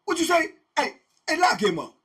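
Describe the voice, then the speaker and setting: A man's voice: very high-pitched, sing-song, moderate pace, pitched above the performer's own voice, full character voice. A man voicing a slick-talking, bullying male prison warden who barks and taunts the inmates. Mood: barking. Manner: loud, barking, taunting.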